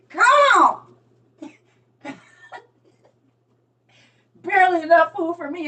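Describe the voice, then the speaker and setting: A woman's voice: very high-pitched, sharp tone, recorded from a distance, voice pushed up, heavily acted. A woman voicing an exasperated man who drags a scrawny cow along and complains the whole way.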